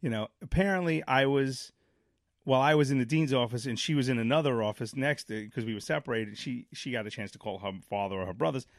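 A man from Brooklyn tells a long story in casual chat. He rambles with lots of fillers and jumps into acted-out quotes. His voice sits at an everyday middle pitch, close and dry on the mic. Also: fast, no echo. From Brooklyn, New York. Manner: animated, rambling, many fillers, acts out quotes. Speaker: podcast co-host.

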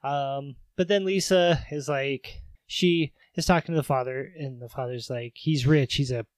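A man's voice: medium pitch, a little slow, smooth, no echo. A man co-hosting a podcast, recapping a movie in casual chat and acting out the characters' lines in raised voices with frequent laughs. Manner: acts out quotes in raised voices, laughs often. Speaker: podcast co-host.

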